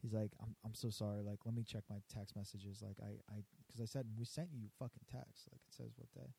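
A man's voice: fairly low pitch, little pitch movement, fast, gravelly, mellow, slightly rough. A man who works at a barbershop, casually swearing his way through a story about rude customers and acting out their lines. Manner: profane, storytelling, acts out customers. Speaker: barbershop worker. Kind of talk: casual chat.

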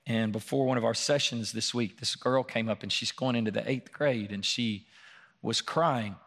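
A man preaching a sermon in a church room, earnest, his voice lifting and growing louder when he reads scripture and dropping quiet during personal stories. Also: mid-range voice, normal speed. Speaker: pastor.

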